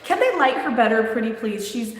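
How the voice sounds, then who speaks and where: A woman chatting casually on a live stream, animated and rambling, laughing often and restarting her sentences. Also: a little high, brisk. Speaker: streamer reviewing a show. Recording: very echoey room with long reverb.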